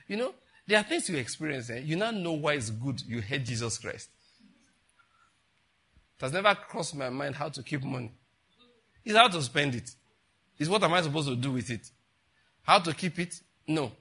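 A man's voice: medium pitch, sharp tone, slightly rough. An older man, a pastor giving a chatty, rambling sermon full of rhetorical questions to the congregation. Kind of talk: conversational sermon.

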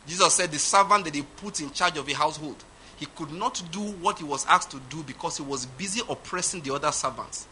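A man preaching a sermon, emphatic, swinging from loud declarations to quiet asides. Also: a little high, a little hiss or hum. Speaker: pastor.

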